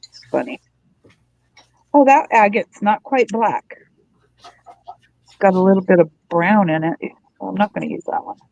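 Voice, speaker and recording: A woman's voice: medium pitch, animated, moderate pace, creaky, pauses often, darkish tone, dry recording, highs cut off. A woman hosting a craft livestream, chatting casually and musing aloud as she works. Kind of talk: casual chat while crafting.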